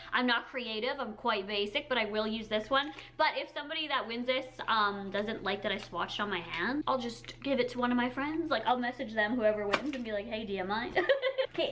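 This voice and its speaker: A young woman in her twenties with a fairly high voice, chatting casually to her camera from a room at home. She gushes over each item she unboxes, swinging between breathy awe and quick chatter, with "like" and "oh my God" at every turn. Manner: gushing, excitable, lots of "like" and "oh my God". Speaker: beauty vlogger. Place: indoor room with colored backdrop.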